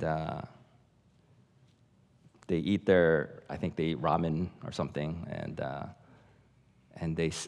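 Man, guest pastor, storytelling sermon, animated then hushed, lowish voice, big reverberant hall. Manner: animated storyteller, acting out voices and trailing to a hush. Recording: long reverb of a large hall.

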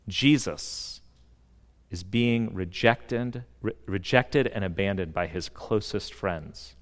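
A pastor giving a sermon in a church, earnest and emphatic, with dramatic pauses. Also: male voice, lowish voice, big-room sound. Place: church sanctuary.

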